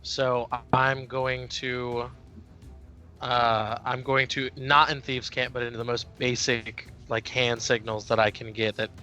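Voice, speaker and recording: A man's voice: medium pitch, level tone, measured pace, pushed and bright, soft background music. A man playing a tabletop game, thinking aloud and hesitant, with many fillers. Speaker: player. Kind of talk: casual tabletop game play.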